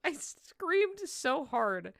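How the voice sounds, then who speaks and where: A woman's voice: high-pitched, sing-song, extremely slow, gravelly, no echo, clean studio sound. A woman chatting casually and a little sheepishly, oversharing. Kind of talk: casual chat.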